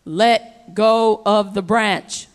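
A woman voicing the booming, majestic male voice of God, speaking slowly and commandingly in a joke told during a sermon. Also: fairly even intonation, long reverb tail. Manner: slow, commanding.

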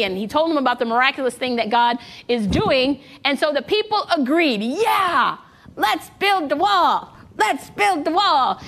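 A woman preaching a sermon to a congregation, lively and engaging them in call-and-response, a little out of breath. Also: high voice. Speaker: guest preacher.

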